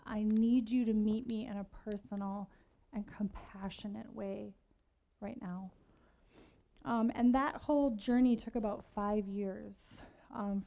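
A woman's voice: fairly high pitch, mellow. Chatty woman telling a faith story, muffled. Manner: chatty, self-deprecating humor. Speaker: speaker at a faith gathering. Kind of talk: personal storytelling sermon. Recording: slightly muffled recording.

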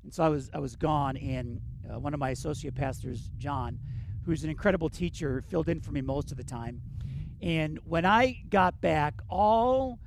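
A man pastor preaching an earnest sermon, swinging between emphatic bursts and hushed reflection. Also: fairly high pitch, normal speed, creaky, slight background noise.

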